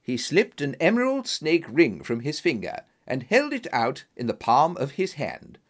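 Guy reading a storybook aloud, slightly high voice, really lively pitch. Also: unhurried. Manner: clear, expressive reading. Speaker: narrator. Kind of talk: scripted storybook narration.

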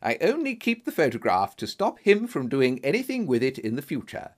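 A man's voice: mid-range voice, huge pitch swings, fairly quick. A man voicing a clever, composed woman by reading her letter aloud in a storybook. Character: clever cool-headed woman, an actress.

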